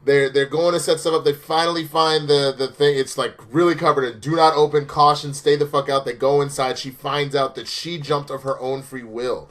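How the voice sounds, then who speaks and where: A man co-hosting a casual episode review, recapping the plot in a rapid storytelling way. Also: a little high, fairly even intonation, a bit bright. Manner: rapid storytelling recap with quick quoted lines. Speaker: co-host reviewing a cartoon episode.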